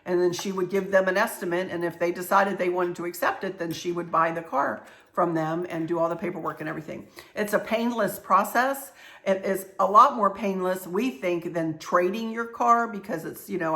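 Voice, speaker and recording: A woman's voice: on the low side, a bit bright. A middle-aged woman hosting her own vlog, talking casually in a chatty, rambling way with many restarts. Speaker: channel host.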